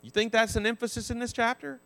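A man's voice: very high voice, level tone, fast, vocal fry, a bit bright, clean tone. A man teaching a Sunday school class, explaining Bible verses with frequent restarts and self-corrections.

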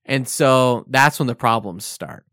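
Recorded with clean studio quality and no room sound, a medium-pitched man speaks unhurriedly. Co-hosting a podcast, he recounts a childhood story in casual chat, animatedly acting out what people said.

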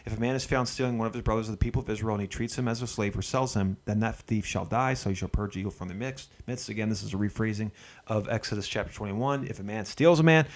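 A man co-hosts a casual podcast chat and makes his points emphatically. He reads verses aloud at a quick clip and laughs often. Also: on the low side. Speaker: podcast co-host.

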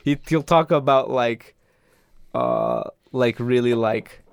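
Gravelly, rambling casual chatter from a man. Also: medium pitch, wildly swooping pitch, slow pace, dry recording. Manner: rambling, full of "like" and restarts. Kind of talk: casual chat.

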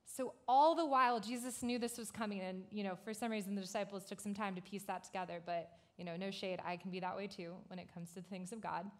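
A woman pastor giving a youth sermon in a casual, conversational way, telling the story with animated asides and lots of "like" fillers. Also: medium pitch, quick pace, few pauses.

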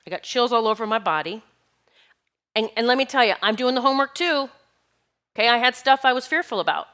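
A woman's voice: fairly high pitch, a little fast, a bit bright. A middle-aged woman giving an earnest, encouraging spiritual talk with emphatic, repeated phrases. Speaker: spiritual teacher.

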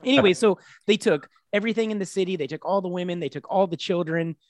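A man's voice: high voice, fast, no echo. A man hosting a comedy podcast, casually retelling a story in an irreverent, crude way. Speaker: podcast host.

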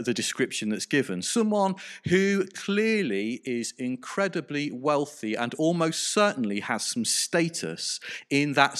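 A man's voice: mid-range voice, a bit bright. A man preaching a sermon in a conversational way, often putting questions to his listeners.

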